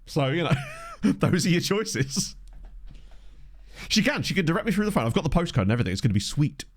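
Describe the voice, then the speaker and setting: A man's voice: fairly high pitch, very animated, fairly quick, a little hiss or hum. A man chatting casually with his viewers over a game, rambling and self-deprecating, on a desk microphone. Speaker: gaming streamer. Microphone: desk condenser microphone.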